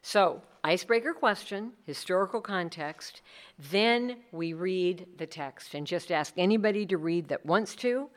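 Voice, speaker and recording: A middle-aged woman speaks to a room in a lower voice, chatty and animated. She slips into other people's voices when she quotes them. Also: a little slow. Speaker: speaker leading a workshop. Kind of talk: conference talk.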